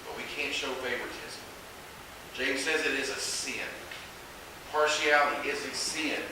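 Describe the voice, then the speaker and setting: A man preaching a sermon in a church in a conversational way, asking the congregation questions and moving between hushed and loud passages. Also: medium pitch, moderate pace. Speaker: pastor. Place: church sanctuary. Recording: echoey hall, distant mic, faint hiss.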